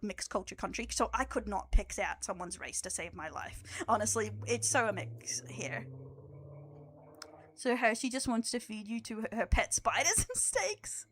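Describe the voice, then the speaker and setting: A woman's voice: fairly high pitch, fairly bright tone. A young Australian woman streaming live, chatting casually with her viewers, laughing often and swearing as she teases.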